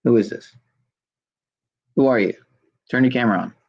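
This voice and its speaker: A man's voice: mid-range voice, moderate pace, creaky, husky, highs cut off. A man hosting a livestream, rambling in a profane, sarcastic way. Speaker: livestream host.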